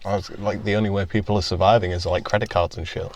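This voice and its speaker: A man's voice: low voice, little pitch movement, quick pace. A man co-hosting a podcast from a car, sardonic and swearing in casual banter. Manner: sardonic, swearing, laughs a lot. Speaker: podcast co-host. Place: in a parked car.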